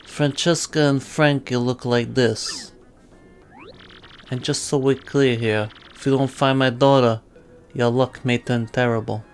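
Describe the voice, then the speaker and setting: A woman doing a gruff male mob boss, low voice, tough-guy slang, slow menacing drawl, video game. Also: fairly even intonation, a little mellow, soft background music.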